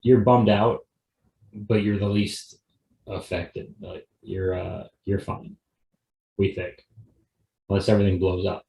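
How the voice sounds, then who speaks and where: This young man's voice sits low, warm and gravelly, slow with long pauses and little pitch movement. Alone on his comedy podcast in a roomy, echoey space, he drifts through a wry, offhand monologue with frequent restarts and tangents.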